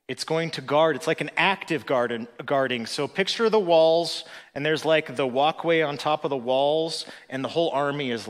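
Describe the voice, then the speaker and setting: A man preaching a sermon as pastor, swinging between emphatic, rising passages and quiet, reflective lines. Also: medium pitch. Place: church sanctuary. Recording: long hall reverb.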